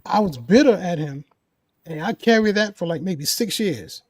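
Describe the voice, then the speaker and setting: A man with a high-sitting, expressive voice shares a personal story as a co-host on a talk show, speaking at normal speed in a casual, conversational way. He's earnest and emphatic, often repeating key phrases, and the recording is dry with clean studio sound.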